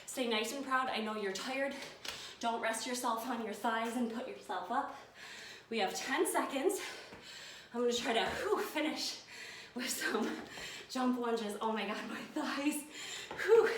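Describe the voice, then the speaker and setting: A woman's voice: a little high, fairly bright tone. A woman leading a workout video, out of breath and panting as she gives encouraging countdowns. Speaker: fitness instructor. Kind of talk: workout coaching. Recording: echoey room from far off, noisy.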